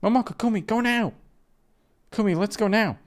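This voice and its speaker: A man voicing a calm, brave teenage girl who speaks steadily. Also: high-pitched, normal speed, slight background noise, voice pushed up, natural voice. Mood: urgent.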